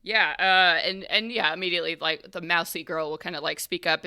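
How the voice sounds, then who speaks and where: Gravelly, bright-voiced woman game master. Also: fairly low pitch, fairly even intonation, brisk, few pauses. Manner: loose and rambling, full of fillers. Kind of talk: narrating a tabletop game.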